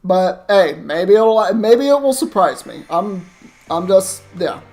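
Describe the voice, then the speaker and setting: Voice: mid-range voice, lively intonation, slow, darkish tone, faint music behind. A young adult streamer giving rambling, casual commentary while playing a game, swearing now and then. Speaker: streamer playing a Pokemon challenge run. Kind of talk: casual let's-play commentary.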